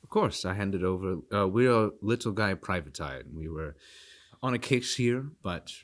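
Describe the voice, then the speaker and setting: A man's voice: low-pitched, lively intonation, moderate pace. A man playing a tabletop role-playing game, answering in character in a casual, hesitant way. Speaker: player.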